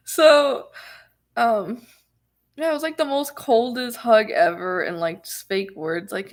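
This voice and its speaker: A woman's voice: on the high side, slow pace, pauses often. A young woman vlogger casually telling viewers a personal story, chatty and full of restarts and laughter.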